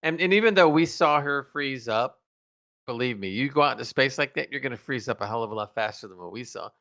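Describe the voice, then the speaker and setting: A man co-hosting a casual review podcast, enthusiastic and quick to laugh. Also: mid-range voice, a bit bright. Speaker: podcast co-host.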